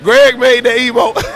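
A man's voice: very high voice, creaky, a bit bright. A man trash-talking on a stream mic, boastful, taunting and profane. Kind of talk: brash trash talk.

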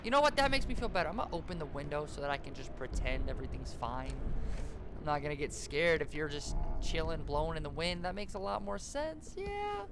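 A man's voice: on the high side, lively intonation, fast talker, background noise. A man giving casual, joking commentary while playing a horror game, with jumpy exclamations. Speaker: gaming YouTuber.

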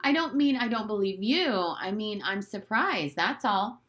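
A woman's voice: animated, a little slow, a bit bright. A woman reading aloud, voicing a curious, naive nine-year-old boy in a storybook. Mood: eager. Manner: eager, high-pitched, questioning.

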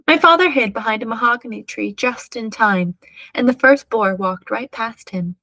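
A woman reading a children's chapter book aloud with clear, steady storytelling. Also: on the high side, moderate pace, dry recording. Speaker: storybook reader.

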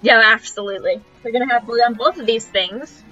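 A woman's voice: fairly high pitch, brisk, bright, forceful tone, soft background music. A woman streaming a game, playful, reacting casually and chanting nonsense syllables. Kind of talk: casual gameplay commentary. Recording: crunchy, dull lo-fi stream audio.

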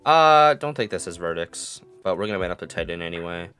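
A young man giving live commentary on his own football video game, muttering plays, then yelling and gloating in a sing-song voice. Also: deep voice, brisk, smooth, faint music behind. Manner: excitable, swings from mutters to yelling. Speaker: gaming commentator.

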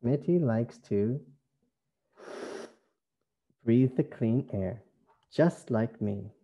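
A man from Canada with a Canadian accent, an English teacher reading a phonics lesson slowly in a sing-song way. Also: medium pitch, lively intonation, lo-fi sound. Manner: slow, sing-song, stretched words.

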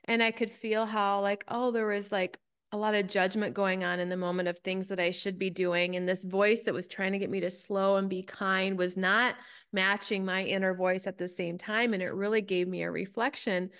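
A woman hosting an interview, animated and chatty, sometimes acting out her own reactions. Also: mid-range voice, normal speed, clear, resonant tone. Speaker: podcast host. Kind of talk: conversational interview.

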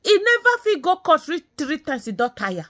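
A woman's voice: high-pitched, very animated, moderate pace, fairly bright tone. Angry woman scolding. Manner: scolding, repetitive, mixes in Nigerian Pidgin. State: angry and bitter. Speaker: vlogger. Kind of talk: angry ranting commentary.

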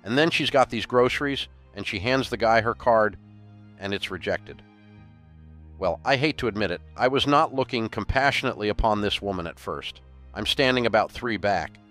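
A man's voice: fairly low pitch, normal speed, a bit bright, faint music behind. A man, giving a joking, down-home sermon-style talk and quoting scripture. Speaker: guest speaker.

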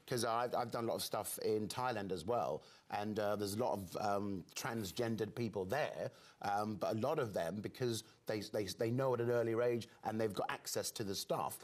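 A man, a chat show guest, talking in a lively way and laughing at himself. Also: on the low side, moderate pace, few pauses.

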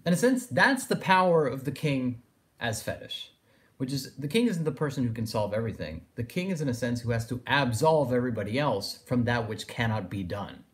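A man's voice: medium pitch, animated, a little fast. Discursive male philosophy lecturer. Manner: discursive, thinking aloud with fillers like "in a sense". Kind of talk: recorded lecture.

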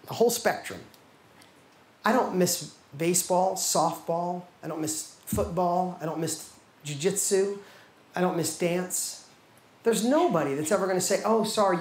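A middle-aged man giving an emphatic motivational speech at a training seminar, firing rhetorical questions at the audience. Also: high-pitched. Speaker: guest speaker at a training seminar. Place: large event hall. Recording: echoey hall with faint ambience.

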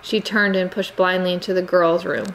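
A woman narrating a novel in a steady, measured storytelling voice. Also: on the low side, a little hiss or hum, low-quality recording. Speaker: audiobook narrator. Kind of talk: scripted narration.

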